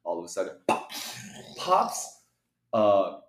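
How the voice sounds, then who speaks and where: A young man with a fairly low voice tells a story in casual chat, slipping into little voices for the people in it. The sound carries a noticeable echo from the room he's in. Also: takes it slowly. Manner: animated storyteller, acts out voices, laughs often. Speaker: podcast co-host telling a story. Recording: echoey room.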